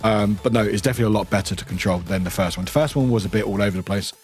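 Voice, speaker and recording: A man's voice: lowish voice, racing, a little mellow, soft background music. A man streaming live, chatting casually in a rambling way, swearing offhandedly and laughing often between remarks. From United Kingdom. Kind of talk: casual chat while gaming live.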